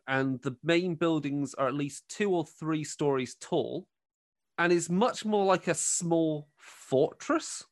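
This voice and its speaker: A man narrating a tabletop game scene, describing it with lots of fillers and pauses. His voice sits a little high. The recording is dry and close. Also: no room sound. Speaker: game master.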